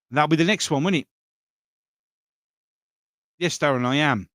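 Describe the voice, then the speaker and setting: A man's voice: on the high side, slow pace, a bit bright, dry recording, clean studio sound. A man hosting a live stream in a loose, conversational way, reading out viewer comments and answering them as he goes. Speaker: livestream host reading viewer chat.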